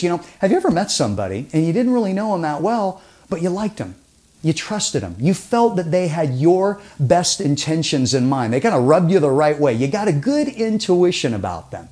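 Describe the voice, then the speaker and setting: Animated, lively-voiced male seminar trainer. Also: fairly high pitch. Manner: animated, rhetorical questions, dips to a near-whisper for effect. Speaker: communication trainer. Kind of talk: seminar presentation on persuasion.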